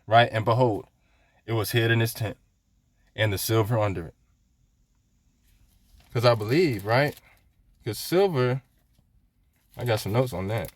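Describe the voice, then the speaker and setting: A man's voice: on the low side, measured pace, long pauses. Casual, chatty Bible-teaching man. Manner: conversational, peppers lines with "right?", laughs often; chats with viewers while reading scripture aloud.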